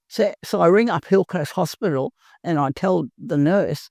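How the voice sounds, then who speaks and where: Gravelly woman telling her story. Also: fairly low pitch, steady tone, measured pace, darkish tone, no echo, studio quality. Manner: earnest, plain-spoken. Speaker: guest sharing recovery story. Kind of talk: personal storytelling.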